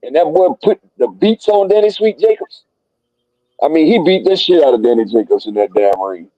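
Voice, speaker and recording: A man hosting a casual boxing talk stream, profane and excitable as he rattles off dream fights. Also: on the high side, normal speed, dry recording, lo-fi sound. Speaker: boxing talk show host. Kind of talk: casual live stream banter.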